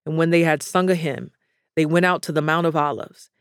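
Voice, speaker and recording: A man giving a scripted Bible reading in a measured, even, solemn delivery. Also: on the high side, clean tone, no room sound, studio quality. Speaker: scripture reader.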